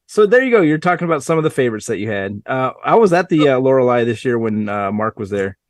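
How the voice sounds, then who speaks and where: A man's voice: medium pitch, sing-song, fast talker, no echo, studio quality. A man hosting a podcast, telling a story animatedly and acting out quotes. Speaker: podcast host. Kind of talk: casual storytelling.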